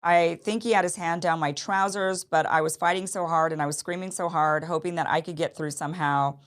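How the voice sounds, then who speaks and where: A woman's voice: fairly low pitch, fairly even intonation, a little fast. A woman talking through a case in casual commentary, often restarting and repeating phrases as she reasons aloud.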